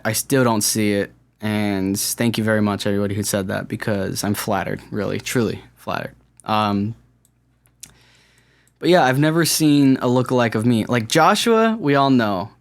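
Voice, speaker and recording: A man hosts his own podcast with no co-host, drifting from one thought to the next. He talks in a loose, self-deprecating ramble full of fillers and restarts. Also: mid-range voice. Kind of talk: solo podcast monologue. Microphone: camera-recorded podcast setup.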